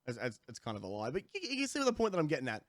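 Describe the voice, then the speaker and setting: A young Australian man ranting comically to camera as a streamer, rambling with restarts and sudden jumps in pitch. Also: wildly swooping pitch, very fast, no room sound, studio quality. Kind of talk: comedic rant to camera.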